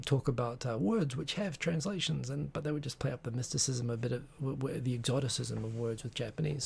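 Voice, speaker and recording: A man's voice: mid-range voice, gravelly, a little mellow, slightly rough. A man hosting a live stream, chatting casually in a rambling, digressive way with many restarts. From Tokyo-based.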